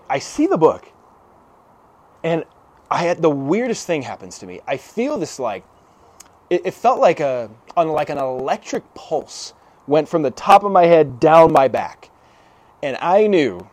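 A young man preaching a sermon, telling a personal story in a casual, animated way with slang and quick restarts. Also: fairly high pitch.

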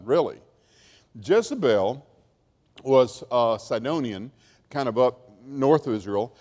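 A man's voice: medium pitch, a little mellow. A man teaching a Bible class, telling the story in a chatty, wry way with asides. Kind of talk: informal lecture storytelling. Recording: long hall reverb.

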